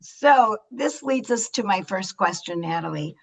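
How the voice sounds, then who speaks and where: An older woman moderates a virtual chat over a video call, her voice effusive and animated. She speaks at an ordinary pitch for a woman. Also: unhurried, vocal fry, rough recording. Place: Los Angeles.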